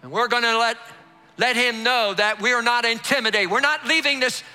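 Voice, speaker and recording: A man's voice: extremely high pitch, fairly even intonation, brisk, bright, forceful tone, soft background music. A man preaching as pastor, rousing his congregation and leading them in call-and-response. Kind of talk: sermon. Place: large church hall.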